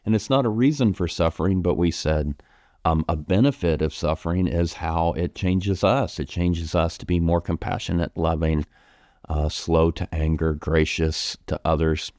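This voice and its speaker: A man, a pastor with an American accent, answering questions from his congregation in a gentle, reflective way with frequent ums and restarts. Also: deep voice, steady tone, moderate pace, no room sound, studio quality. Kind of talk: pastoral Q&A talk.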